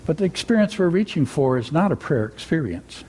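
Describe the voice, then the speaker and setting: A man giving a gentle, reflective spiritual talk in sermon style, weaving in a read-aloud story. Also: fairly high pitch, big pitch swings, fairly quick, husky. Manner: gentle, reflective, reading with voices. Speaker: spiritual teacher.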